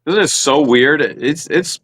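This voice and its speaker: A man's voice: a little high, a little slow, fairly bright tone, dry recording, rough recording. A man co-hosting a casual chat, telling a long story and acting out his own quotes. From Ohio, USA. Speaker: co-host.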